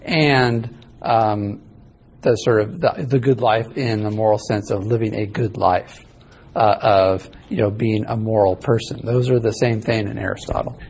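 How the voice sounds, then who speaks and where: A man's voice: on the low side, fairly even intonation, measured pace, creaky, a little mellow, slight background noise. A male ethics instructor giving a casual, rambling classroom lecture that he records live as a podcast. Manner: casual, rambling, self-correcting.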